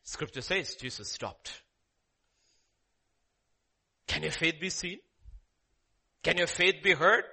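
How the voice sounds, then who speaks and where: An emphatic man preaching a sermon, repeating his phrases and swinging from loud cries to hushed asides. His voice sits fairly high and sounds bright and husky, with pitch that jumps all over. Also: expressive, slow, pauses often.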